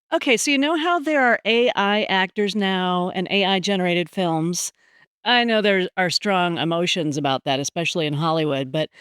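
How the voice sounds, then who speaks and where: A woman's voice: mid-range voice, clear, resonant tone, dry recording, clean studio sound. A woman hosting a podcast, talking casually and with some amusement, using fillers. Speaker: podcast host.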